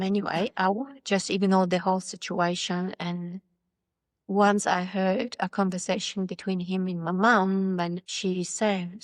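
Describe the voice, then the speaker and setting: A woman from Poland, whose first language is Polish, tells her life story as an interview guest, candid and wry, laughing often and acting out the voices she quotes. Her voice is lowish, her delivery flat and unhurried, with no room sound.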